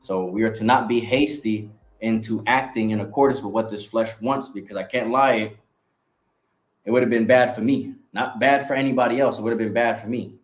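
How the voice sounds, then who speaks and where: A man's voice: lowish voice, fairly even intonation, brisk. A man giving a casual preaching testimony from his ministry, reading scripture aloud. He talks bluntly, swears, and keeps checking in with "all right?". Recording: roomy echo, faint music behind.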